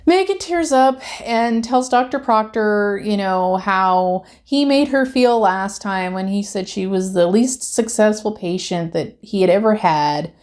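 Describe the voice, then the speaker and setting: A woman's voice: mid-range voice, a little slow, few pauses, a little mellow. A woman reviewing a reality TV episode in a casual, chatty way. She grows emphatic and heated as she rants.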